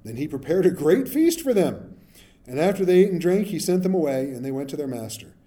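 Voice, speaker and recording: Conversational male preacher, mellow voice. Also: on the high side, sing-song, brisk. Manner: conversational, asks "right?" often, acts out Bible characters. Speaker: pastor. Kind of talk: sermon.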